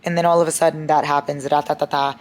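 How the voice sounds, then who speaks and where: A young woman with a deep voice chats casually in a reading vlog about books. She's expressive and quick to swear, breaking into sudden laughs and shocked outbursts.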